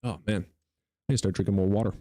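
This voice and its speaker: A man's voice: on the low side, fairly even intonation, very fast, dark tone, no room sound, studio quality. A young man streaming live, joking and teasing his viewers in casual chat. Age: young adult.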